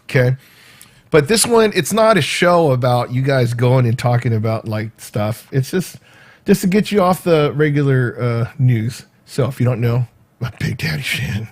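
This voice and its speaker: A man hosting his own livestream, chatting casually and rambling in a self-mocking, animated way. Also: medium pitch, normal speed. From United States. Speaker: livestream host. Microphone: home livestream mic.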